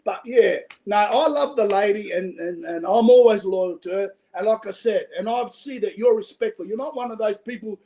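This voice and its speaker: High-voiced Australian man chatting. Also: moderate pace, hardly any pauses, dark tone. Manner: rambling, chatty, swears freely. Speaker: call-in guest. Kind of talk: casual chat.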